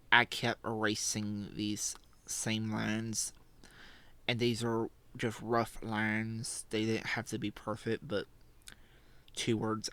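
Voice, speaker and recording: A teenage boy narrating his drawing process into a desk microphone at an unhurried, drawn-out pace. He rambles, puts himself down, and scatters fillers and small laughs through his talk. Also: fairly low pitch, a bit bright. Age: teens. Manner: rambling, self-deprecating, with frequent fillers and laughs. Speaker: channel host. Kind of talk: casual drawing vlog commentary.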